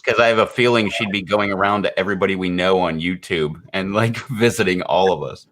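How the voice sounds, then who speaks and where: Deep-voiced man rambling hesitantly. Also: brisk, a bit bright, slight background noise. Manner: rambling, hesitant, filler-heavy. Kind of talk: casual livestream chat.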